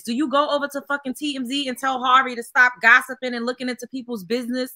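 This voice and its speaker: A woman's voice: high voice, steady tone, fast, few pauses, sharp tone, dry recording, studio quality. A woman co-hosting a talk show, talking bluntly, profanely and exasperated. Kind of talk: casual chat.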